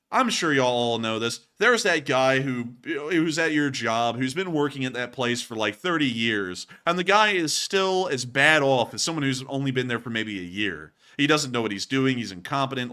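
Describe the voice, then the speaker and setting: A man with a bright, forceful voice runs a war news show in a loose, conversational style. He talks to his viewers directly and jokes about the footage he shows. His pitch sits in a medium range. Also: expressive, moderate pace, hardly any pauses. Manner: chatty, joking, laughs at the footage; addresses viewers directly and informally. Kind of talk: casual news commentary over clips.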